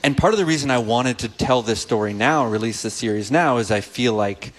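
A man speaking as a podcast guest, telling stories in a measured, reflective way. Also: mid-range voice, in a large hall. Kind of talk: conversational storytelling.

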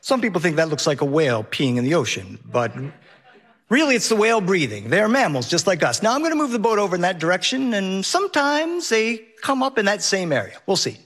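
A woman's voice: medium pitch, big pitch swings, a little fast. A man voicing a chatty woman boat captain who makes easygoing announcements to her passengers. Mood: announcing. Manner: easygoing announcer patter over a loudspeaker.

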